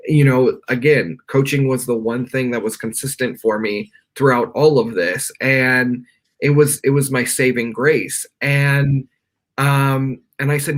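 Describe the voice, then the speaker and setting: A man's voice: mid-range voice, measured pace, fairly bright tone. A young man, a podcast guest, telling a personal story with earnest, rambling talk full of "like" fillers, speaking from his bedroom on a remote call. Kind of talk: candid personal storytelling in a live interview.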